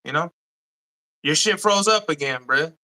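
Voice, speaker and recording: A man hosting a casual podcast, talking in a laid-back way and tossing in "bro". His voice is very bright and edgy, pitched a little high. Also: lively intonation, unhurried, low-quality recording.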